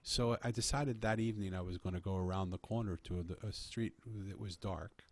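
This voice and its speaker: Deep, husky-voiced man telling a story. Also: fairly even intonation, fairly quick. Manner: earnest, with repeated restarts. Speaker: podcast guest telling a story. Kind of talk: conversational storytelling.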